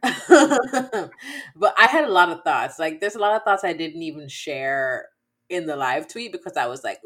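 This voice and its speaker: A woman's voice: low voice, animated, measured pace. A woman co-hosting a podcast, chatting casually and bluntly, laughing often and acting out what people said. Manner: blunt, laughs often, acts out quoted lines. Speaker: podcast co-host. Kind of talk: casual chat.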